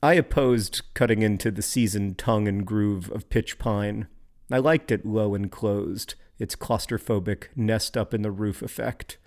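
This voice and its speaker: A man co-hosting a podcast, reading poems in a slow, measured way and chatting in quick asides with plenty of fillers. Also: on the low side, fairly even intonation, a little mellow. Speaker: podcast co-host. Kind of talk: reading poems aloud and casual chat.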